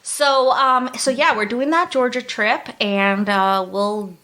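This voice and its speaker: A woman teacher co-hosting a podcast in loose, casual chat. Her voice is bright and forceful, set a little high. She is blunt and swears freely. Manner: blunt, swears, quick reactions.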